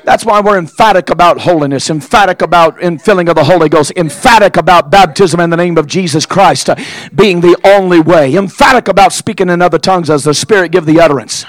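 A man preaching a sermon as pastor, impassioned, with frequent "uh" fillers between shouted phrases. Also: high voice, a little fast, no echo.

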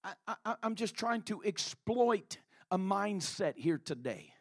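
High-voiced fervent preacher man. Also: very animated, a little slow, slightly rough. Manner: fervent, many "uh" fillers, builds to shouting. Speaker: pastor. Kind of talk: sermon.

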